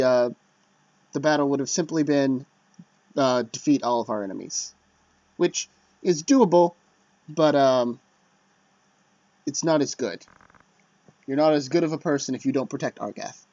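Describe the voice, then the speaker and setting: A let's play commentator casually talks through a strategy game as he plays, chatty and self-deprecating and often muttering under his breath. His fairly high, slightly mellow voice has lively intonation and a normal speed, recorded on a dull lo-fi dry mic with no echo.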